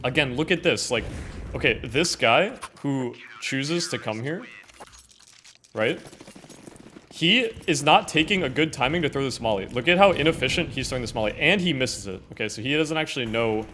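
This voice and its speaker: Young guy, casual game commentary, mid-pitched, faint hiss, keyboard clicks. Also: lively intonation, normal speed. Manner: casual, many fillers, often trails off quietly. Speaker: gaming content creator.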